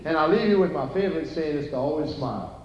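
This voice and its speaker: An older Cajun man spins folksy jokes from a theater stage, chatting with the crowd as he goes. His voice sits a bit high for a man. The sound is distant and roomy, with a dull, muffled quality. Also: animated, fast talker, a little hiss or hum. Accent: Cajun Louisiana. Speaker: stand-up storyteller. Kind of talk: live stand-up comedy. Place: theater stage before a live audience.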